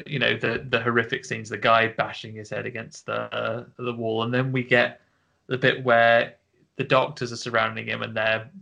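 Man, gravelly voice, bright tone, casual film recap, remote call co-host. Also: mid-range voice. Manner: recounts scenes with quick bits of voice mimicry and laughs. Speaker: podcast co-host.

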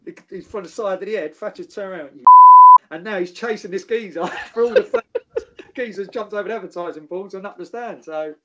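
A man's voice: high-pitched, a little fast, very noisy. Man telling football stories. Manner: swears freely, animated anecdotes. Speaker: former footballer guest. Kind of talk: casual storytelling.

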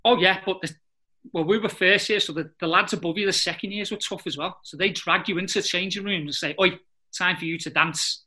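A middle-aged man, a former footballer telling lively anecdotes in a casual interview and often laughing. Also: high voice, fast talker. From England.

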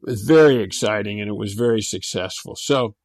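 A man's voice: on the low side, brisk, a little mellow, no room sound. A man, an interview guest, recalling past events in plain, casual talk with small restarts. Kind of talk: casual recollection.

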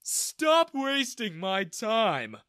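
Man doing a sneering, loud bank manager. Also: extremely high pitch, wildly swooping pitch, takes it slowly, dry recording, studio quality, pitched above the performer's own voice, heavily acted. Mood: mocking. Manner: mocking, condescending. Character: rude sneering male bank manager, middle-aged.

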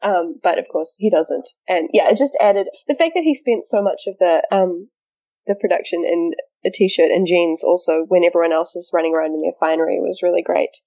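A woman's voice: on the low side, fairly quick, gravelly, dark tone, highs cut off. A woman on a podcast panel, chatting casually, rambling and laughing as she talks. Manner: giggly, rambling with fillers. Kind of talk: casual discussion.

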